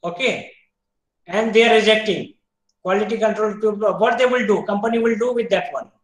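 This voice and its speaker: A man with an Indian English accent giving an online university lecture, explaining step by step, quizzing students, often pausing with "uh". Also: sits high, steady tone, reverberant, low-quality recording. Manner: explains step by step, asks students questions, frequent "uh" fillers.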